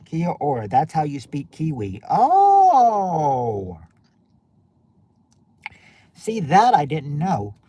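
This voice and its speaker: A man's voice: on the high side, big pitch swings, moderate pace, few pauses, dark tone, lo-fi sound. A man hosting a casual game-night stream, chatting loosely with viewers and often restarting his sentences. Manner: rambling, many restarts and fillers.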